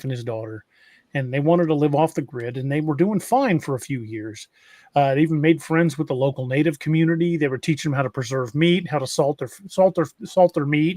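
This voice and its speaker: A man's voice: fairly high pitch, no echo, studio quality. A man hosting a podcast, telling stories in a casual, rambling way with many restarts. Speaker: podcast host.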